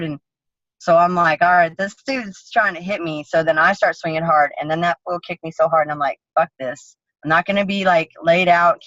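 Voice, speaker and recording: A woman's voice: on the low side, a bit bright, no room sound. A woman MMA fighter guest telling a story in a blunt, profane, vivid way in a casual interview. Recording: dull lo-fi sound.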